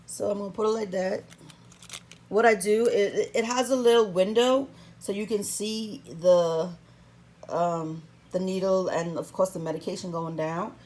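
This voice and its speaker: A woman's voice: mid-range voice, steady tone, a little slow, a little mellow. A woman talking through a how-to vlog in a playful, sassy, chatty way, recording herself at home on a camera stand. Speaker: vlogger.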